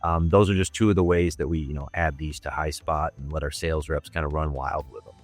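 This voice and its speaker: A man's voice: very deep voice, steady tone, a little fast, dry recording, faint music behind. A man speaking as a guest in a casual video-call interview, upbeat and conversational, with frequent fillers. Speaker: guest, customer marketing manager.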